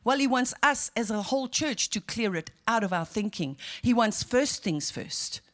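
High-voiced woman pastor preaching. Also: lively intonation, moderate pace. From South Africa. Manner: preaching with rising fervent outbursts and quiet asides. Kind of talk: sermon.

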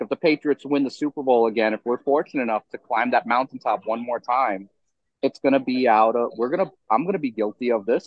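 A young man in his twenties co-hosting a sports podcast, ranting in an animated way with lots of restarts. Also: mid-range voice, no room sound, lo-fi sound. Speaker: podcast co-host. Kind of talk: casual sports talk.

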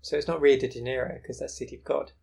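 A woman co-hosting a casual podcast, chiming in with dry, deadpan quips. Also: a bass voice, fast talker, gravelly, husky. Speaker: podcast co-host. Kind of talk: casual chat.

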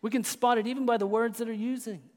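A man preaching a sermon as pastor, with impassioned delivery that swings between loud proclamation and hushed intensity. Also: extremely high pitch, steady tone, quick pace. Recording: long church reverb.

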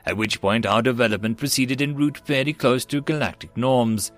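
A man's voice: medium pitch, normal speed, dry recording, soft background music, lightly acted. A man doing a formal, literal-minded alien diplomat. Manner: precise, formal, flat.

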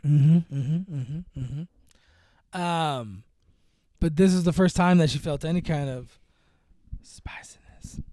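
A man's voice: fairly high pitch, slow, pauses often, dark tone, no echo, studio quality. A young man casually recapping a movie on a podcast, rambling with many fillers and acting out the characters' lines. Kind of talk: casual chat.

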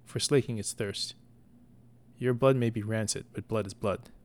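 A man voicing a cunning young noblewoman who sweet-talks and threatens quietly. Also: fairly low pitch, steady tone, normal speed, close to an everyday voice. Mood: menacing. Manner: sweet-talking, quietly menacing.

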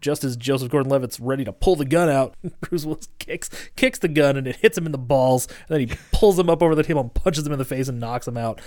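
A man's voice: mid-range voice, fast, few pauses, a little mellow, no room sound. Laid-back laughing man, dry sound. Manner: laughing, profane, retells scenes with quoted lines. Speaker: podcast co-host. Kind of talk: casual movie discussion.

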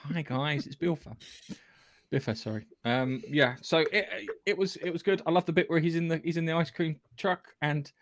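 A man's voice: on the high side, fairly quick, hardly any pauses, no room sound. A man co-hosting a podcast, blunt and sweary, often tagging his points with a questioning "yeah". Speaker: podcast co-host. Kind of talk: casual chat review.

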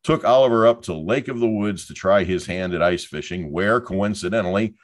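A man's voice: sits low, a little fast, dry recording, studio quality. A middle-aged man from Florida hosting a podcast, delivering a jokey, storytelling monologue with showman patter. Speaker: podcast host.

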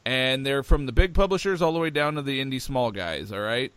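A man's voice: medium pitch, brisk, fairly bright tone, smooth, no room sound. A man co-hosting a podcast, chatting casually and with enthusiasm, rambling with lots of fillers. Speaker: podcast co-host.

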